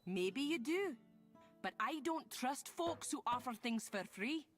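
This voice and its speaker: A stubborn old farm wife. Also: female voice, high voice, animated, takes it slowly. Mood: wary. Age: older. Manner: blunt, grumbling, folksy. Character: stubborn old farm woman, wary and proud. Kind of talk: video game dialogue. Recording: game audio with loud music underneath.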